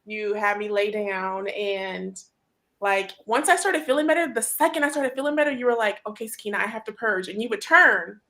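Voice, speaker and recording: A woman hosting a casual group chat, telling a story in an animated way, full of fillers and laughter. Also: medium pitch, normal speed. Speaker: host.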